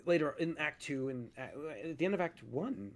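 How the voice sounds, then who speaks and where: A man co-hosting a gaming podcast, chatting in a relaxed, agreeable way. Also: fairly high pitch, moderate pace. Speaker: podcast co-host. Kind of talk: casual gaming podcast chat.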